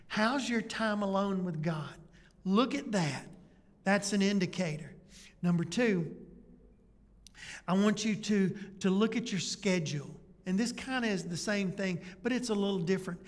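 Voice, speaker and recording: A man's voice: sits high, unhurried. A man preaching a sermon as pastor in a conversational way, full of rhetorical questions. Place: church sanctuary. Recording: church hall reverb.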